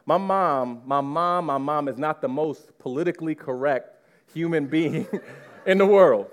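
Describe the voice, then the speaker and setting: A man in his thirties, a pastor preaching a sermon and speaking straight to his congregation in an animated way. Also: a little high, measured pace. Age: 30s. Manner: animated, addresses the congregation directly. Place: church before a live congregation.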